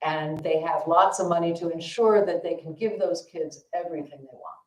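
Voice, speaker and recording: A woman's voice: fairly low pitch, moderate pace, darkish tone. Woman telling a story in an echoey hall. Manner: casual, self-deprecating, with fillers. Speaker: dharma teacher. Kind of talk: storytelling dharma talk. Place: temple hall.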